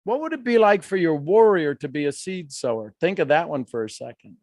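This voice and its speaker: High-ish guy coaching a live group, super animated, does little voices, dry close sound. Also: fairly quick, dry recording. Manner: animated, acts out quoted voices, laughs often. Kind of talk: live workshop teaching.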